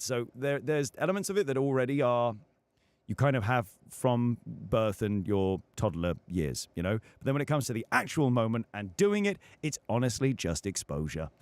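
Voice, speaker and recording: A man's voice: mid-range voice, dry recording. A young British man, a voice actor being interviewed, explaining things thoughtfully with frequent fillers. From United Kingdom. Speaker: voice actor guest. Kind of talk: casual interview on a livestream.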